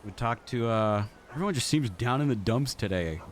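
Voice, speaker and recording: Actor as a chill young man in a role-play game, mid-pitched, easygoing, teasing, keeps asking questions. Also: normal speed, slight background noise, natural voice. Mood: casual. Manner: relaxed, laughs, presses with questions.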